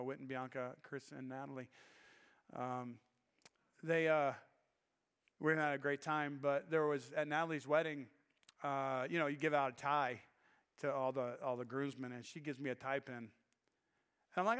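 A middle-aged male pastor gives an earnest, heartfelt sermon with a bright, clear voice, often stopping and restarting his sentences as he tells his story. The voice rings out with a long reverb, as in a large church hall. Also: mid-range voice, level tone, normal speed. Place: church sanctuary.

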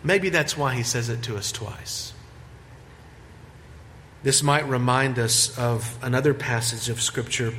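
Measured man preaching in a reverberant church. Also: mid-range voice, bright, forceful tone, slight background noise. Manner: measured preaching, stretching key words, rising for emphasis. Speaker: pastor. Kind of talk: sermon. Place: church sanctuary.

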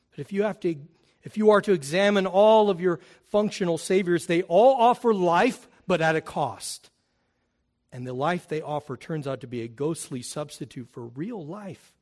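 Man, pastor, sermon, high voice, impassioned, hushed then loud. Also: animated, moderate pace.

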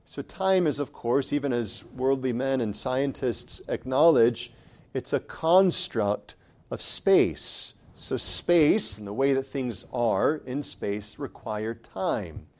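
Slow, emphatic preaching man. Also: medium pitch, expressive, a little mellow. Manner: deliberate, emphatic, repeats key phrases. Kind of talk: sermon.

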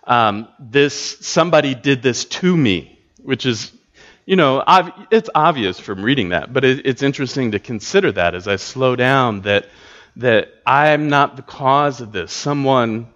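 A man's voice: medium pitch, fairly bright tone. A man teaching a Bible study class, talking thoughtfully with frequent ums and restarts. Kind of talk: teaching a class on reading Scripture. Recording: dull lo-fi recording.

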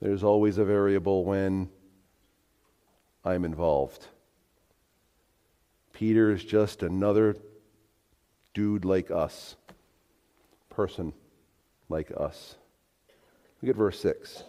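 A male pastor preaching a sermon in an animated, emphatic way that moves between soft and loud. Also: deep voice, slow, long pauses, clear, resonant tone, in a large hall. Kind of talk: expository sermon.

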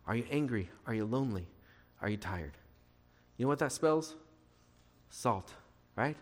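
A man preaching a sermon in an earnest, conversational way, asking his listeners rhetorical questions and adding playful asides. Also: medium pitch. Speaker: pastor. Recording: reverberant hall.

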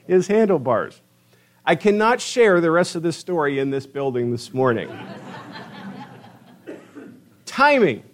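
Man, middle-aged, pastor, sermon in a church, storytelling, slightly high voice, emphatic drawn-out words. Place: church sanctuary.

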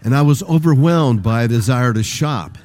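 A man's voice: mid-range voice, normal speed, a little mellow. An older man preaching a sermon in a rambling, conversational way, repeating and re-stressing his phrases. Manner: rambling, conversational, with restarts and varied emphasis. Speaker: pastor.

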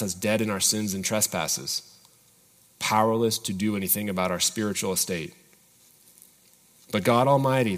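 A pastor delivers a sermon in a fairly low male voice, pressing his listeners with earnest, searching questions. The sound carries a long reverb tail, as in a church sanctuary.

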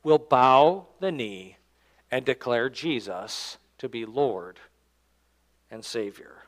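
A man, the church's pastor, preaching a sermon and reading scripture aloud, swinging between loud emphatic lines and quiet low endings. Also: lively intonation, slow pace. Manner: reads scripture aloud in King James wording. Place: church sanctuary.

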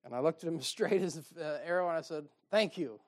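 Folksy preacher, higher-pitched man. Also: fast. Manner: folksy storytelling with dry sarcasm. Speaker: pastor. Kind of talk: sermon.

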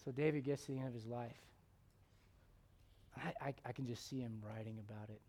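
A man preaching a sermon, telling stories and acting out the quotes, sometimes dropping to a hushed tone. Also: mid-range voice, fairly quick, a little hiss or hum. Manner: animated storytelling, acts out quotes, drops to hushed tones.

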